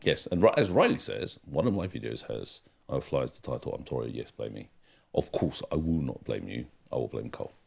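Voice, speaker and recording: A man's voice: very deep voice, sing-song, brisk, vocal fry, husky. A man co-hosting a music livestream, reading out the chat in a rambling, casual way with lots of fillers. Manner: chatty, rambling, with many fillers. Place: home during a music livestream.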